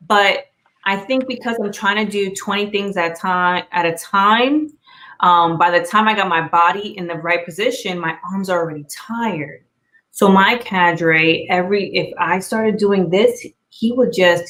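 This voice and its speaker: A woman's voice: mid-range voice, a little slow, a bit bright. A woman hosting a casual podcast, talking candidly and with self-deprecating humor. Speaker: podcast host.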